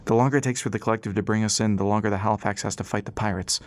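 A man's voice: on the low side, fairly even intonation, rapid-fire, no echo, natural voice. A man voicing a young male hero in an audiobook, speaking plainly and level. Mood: resolute. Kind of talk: audiobook character voice.

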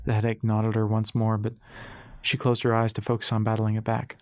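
A man narrating an audiobook in a steady, even storytelling voice. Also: fairly low pitch, moderate pace, no room sound, studio quality.

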